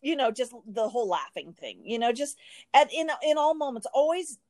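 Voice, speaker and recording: A woman hosting a casual chat on a video call, giggly and telling lively stories. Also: a little high, moderate pace, no room sound.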